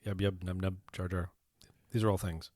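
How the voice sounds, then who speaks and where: A man co-hosting a casual podcast, firing off quick wisecracks and banter. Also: deep voice, level tone, darkish tone, dry recording, studio quality. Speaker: podcast co-host. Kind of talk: casual chat.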